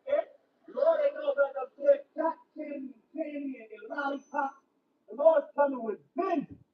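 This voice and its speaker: A man preaching and reading scripture in an emphatic style, often breaking into shouts and tagging his lines with "right?" and "okay?". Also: extremely high pitch. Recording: distant dull lo-fi mic with faint background noise.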